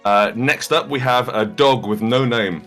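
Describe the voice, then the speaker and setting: A man's voice: medium pitch, measured pace, fairly bright tone, faint music behind. A man acting as game master, introducing players on a video call with playful, self-mocking banter. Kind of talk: joking stream introduction.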